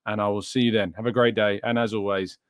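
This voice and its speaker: A man's voice: on the low side, flat delivery, fast talker, no echo. A young man from England hosts a live stream, reading out viewer questions and rambling through his answers. His speech is loose and chatty, full of fillers and restarts. He is recorded on a close desk mic in a dry room. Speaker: podcast host.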